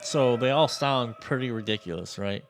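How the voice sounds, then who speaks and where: A man demoing a sample library in a casual, excitable walkthrough, loose and swearing freely. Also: medium pitch, moderate pace, a little hiss or hum. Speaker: music producer reviewing a sample library.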